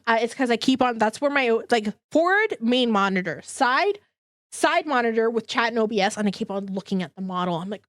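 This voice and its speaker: Bubbly, higher-voiced woman streamer. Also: lively intonation, moderate pace, fairly bright tone, no room sound, studio quality. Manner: bubbly and rambling, laughs often. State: congested. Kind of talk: casual live-stream chat.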